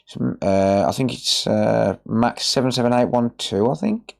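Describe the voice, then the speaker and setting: A man's voice: mid-range voice, unhurried, gravelly. An English man, an electronics repair technician, chatting casually to viewers while working on a livestream, rambling and answering them by name.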